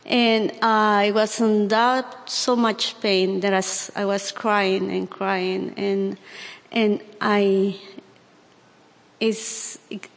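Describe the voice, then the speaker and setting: A woman giving a personal testimony, speaking earnestly and haltingly with many pauses and restarts. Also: mid-range voice, little pitch movement, creaky, in a large hall. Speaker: church member giving testimony.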